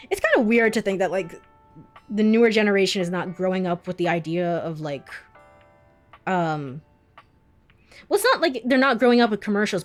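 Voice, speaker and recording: Giggly, chatty young woman gamer. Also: mid-range voice. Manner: giggly, chatty, many fillers. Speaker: let's play streamer. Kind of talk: casual game commentary.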